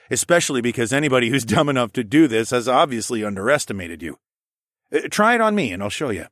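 A man narrating a first-person audiobook, with lively, playful character dialogue. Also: medium pitch, dry recording, studio quality.

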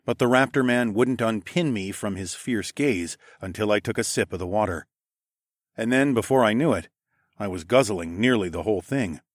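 A male audiobook narrator telling a first-person fantasy story with expressive delivery. His voice sits on the low side. The recording is dry and close. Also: normal speed, no echo.

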